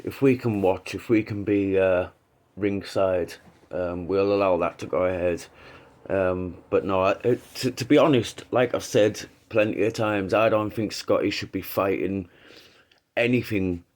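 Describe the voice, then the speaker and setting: A man with a fairly low voice hosts his own channel in casual commentary. He rambles and hesitates, falls back on fillers, and swears now and then. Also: a little mellow. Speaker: YouTube channel host.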